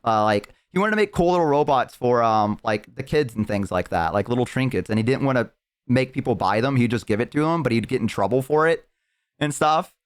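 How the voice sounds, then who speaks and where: A male streamer in casual chat, his voice smooth and clear at an ordinary middle pitch. He rambles along, drifting from one tangent into the next as he talks. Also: expressive, fairly quick. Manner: rambling, tangent-prone storyteller.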